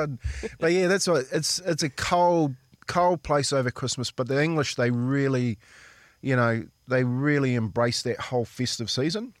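A New Zealand man who used to play rugby league does casual storytelling on the radio, laughing, chatting and using "mate" a lot. He speaks at a moderate pace in a fairly high voice, and the recording is dry.

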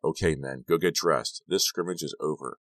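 A man's voice: a bass voice, normal speed, dry recording, studio quality. A man reading an audiobook, voicing a short, paunchy middle-aged football coach who barks orders. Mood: gruff. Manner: barking orders.

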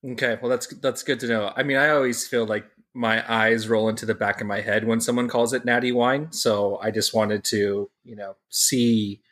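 A man co-hosting a podcast, asking questions in a casual, halting way. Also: medium pitch, steady tone, a bit bright. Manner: casual, halting, repeats words. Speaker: podcast co-host. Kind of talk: casual chat.

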